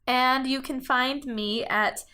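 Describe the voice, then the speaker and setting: A young woman with a fairly high voice trades quick, playful banter on a casual podcast. She giggles easily between her lines. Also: steady tone, pushed and bright. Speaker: podcast co-host.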